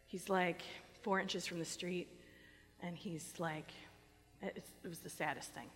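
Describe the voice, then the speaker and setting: A middle-aged woman pastor giving a conversational, animated sermon on a microphone, telling a personal story and acting out quoted lines. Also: lowish voice, a little slow, husky. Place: church sanctuary. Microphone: wearing a microphone. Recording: long reverb of a church hall.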